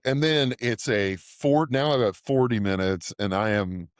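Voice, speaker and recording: A man's voice: on the low side, expressive, measured pace, clean tone, no echo, clean studio sound. A middle-aged man co-hosting a podcast, telling a rambling, profane anecdote in casual chat and laughing often. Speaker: podcast co-host.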